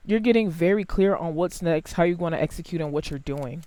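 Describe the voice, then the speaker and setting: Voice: a little fast, no echo. Blunt, profane tarot reader, dry sound. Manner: big jumps in pitch and loudness. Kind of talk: casual tarot reading to camera.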